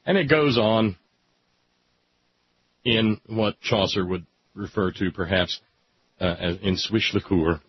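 A man reading aloud with sardonic, deadpan asides. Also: lowish voice, takes it slowly, long pauses, breathy edge, dry recording. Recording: dull lo-fi recording.

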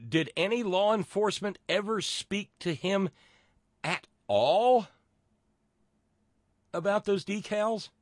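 A man's voice: sits high, slow, long pauses, dry recording, clean studio sound. A middle-aged man hosting a political commentary show, sardonic and profane, often stammering and restarting his sentences. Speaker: podcast host.

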